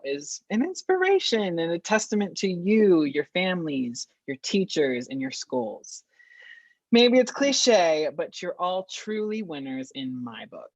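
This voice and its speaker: A man's voice: fairly high pitch, no echo, highs cut off. A man hosting an online contest showcase, upbeat and chatty as he congratulates participants and introduces the judges. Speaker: host of a theater contest showcase.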